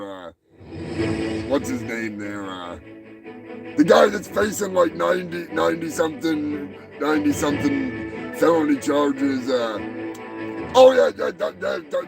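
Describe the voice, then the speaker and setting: High-voiced, gravelly ranting man. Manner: crude, mocking, shouts when worked up. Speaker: podcast host. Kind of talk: profane comedic rant.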